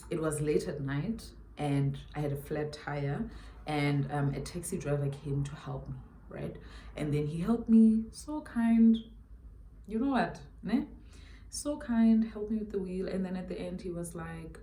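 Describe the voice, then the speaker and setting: Low-voiced South African woman, emphatic. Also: warm tone, reverberant, slight background noise. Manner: emphatic, repeats her points, chatty asides. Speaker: beauty YouTuber. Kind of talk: storytime while doing makeup.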